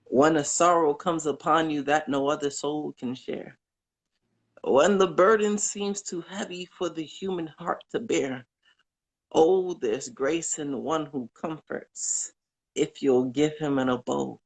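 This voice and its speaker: A man calling in to recite poems from memory, earnest and unhurried, pausing with fillers between verses. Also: on the high side, creaky. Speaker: caller.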